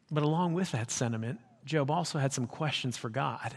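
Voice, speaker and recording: A man's voice: mid-range voice, fairly quick, few pauses, husky. A male pastor preaching a sermon in an emphatic, conversational way. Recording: long hall reverb.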